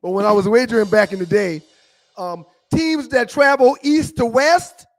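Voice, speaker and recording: A man co-hosting a sports talk show, exasperated, stammering and breaking into shouted rants. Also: very high-pitched, normal speed, faint music behind.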